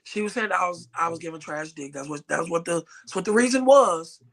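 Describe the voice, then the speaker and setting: A man's voice: on the high side, fairly quick. A man co-hosting a podcast, telling stories bluntly and swearing in casual chat. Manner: animated, blunt storytelling with swearing. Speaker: podcast co-host.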